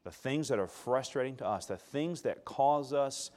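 A man preaching a sermon and telling a personal story, with a voice of ordinary pitch. He rises to loud emphasis and then drops to quiet, hushed lines. He stops to call for a response from the congregation. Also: animated, moderate pace. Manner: dynamic, swings from loud emphasis to hushed tones; calls for audience response.

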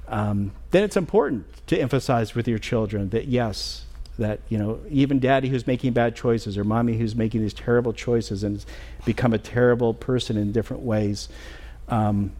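A middle-aged man preaching a sermon as pastor in a church, earnest and halting, with many fillers and restarts. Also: mid-range voice, mellow. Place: church sanctuary.

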